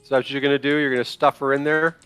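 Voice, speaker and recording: A man narrating as dungeon master of a tabletop game, in a relaxed, halting way. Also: medium pitch, clear, resonant tone, no room sound, soft background music.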